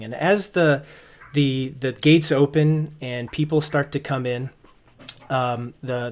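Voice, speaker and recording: A man narrating as game master, relaxed and rambling with many restarts. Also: mid-range voice.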